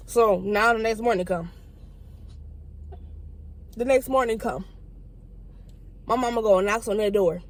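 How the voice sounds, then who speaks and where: A young woman telling a profane, animated story and acting out the people in it. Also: fairly high pitch. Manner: fast, profane, animated storytelling with quoted voices. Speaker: vlogger. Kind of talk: casual storytime.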